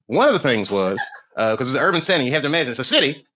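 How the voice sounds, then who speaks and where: A man performing a stand-up comedy routine for a live audience, animated and excitable. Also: mid-range voice, racing, a little hiss or hum. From United States. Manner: animated, swings into loud excited bursts.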